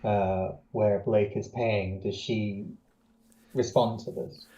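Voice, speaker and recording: A man player in a tabletop game, asking questions slowly. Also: fairly low pitch, steady tone, warm tone, echoey room, dull audio.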